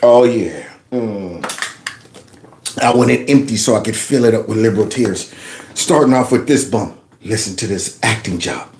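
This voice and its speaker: A man hosting a reaction commentary show, mocking news clips with loud laughter and playful storytelling. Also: lowish voice, normal speed, reverberant, slight background noise.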